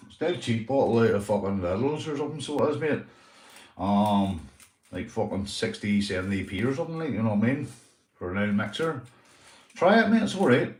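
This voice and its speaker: A Northern Irish man hosting a casual livestream chat, rambling and swearing, calling everyone mate. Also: medium pitch. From Northern Ireland. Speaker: livestream host. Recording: echoey room, mic at a distance.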